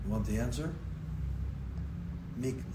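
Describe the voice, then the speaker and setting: A man preaching a sermon in a conversational, storytelling manner, sometimes putting on quick mock voices for effect. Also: mid-range voice, very noisy. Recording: echoey room with faint ambience.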